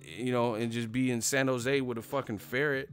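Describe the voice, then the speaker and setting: A man talks loosely on a live stream, rambling and swearing freely and chuckling at his own jokes. His voice sits at an everyday middle pitch. Quiet music plays faintly behind him. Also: steady tone, moderate pace, clean tone. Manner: profane, rambling, laughs at himself. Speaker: boxing commentary host. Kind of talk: casual live-stream rant.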